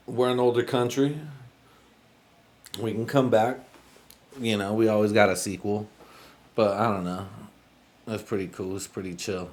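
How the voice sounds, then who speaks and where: A man's voice: fairly low pitch, darkish tone. Laid-back, profane man rambling. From United States. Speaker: podcast host. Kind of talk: casual rambling monologue.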